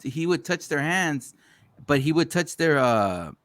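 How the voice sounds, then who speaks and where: A man's voice: fairly high pitch, expressive, measured pace, fairly bright tone, dry recording, clean studio sound. A man hosting a podcast, telling stories in casual chat, swearing freely and acting out other people's lines. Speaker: podcast host.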